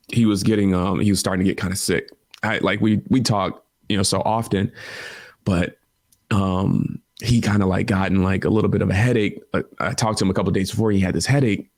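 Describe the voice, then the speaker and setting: Podcast guest, male, very low voice, dry close mic, emotional confessional storytelling. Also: a little mellow, no echo. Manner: emotional, repeats "man" and "like". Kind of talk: personal storytelling.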